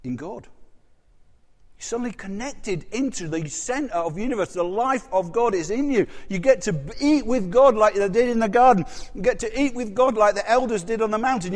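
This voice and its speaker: A high-pitched man preaching in a church hall, swinging between loud emphatic rises and quiet drops. He keeps asking his listeners questions. His voice rings out with a long reverb tail. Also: normal speed. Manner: animated, rises and drops sharply, rhetorical questions. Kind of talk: sermon.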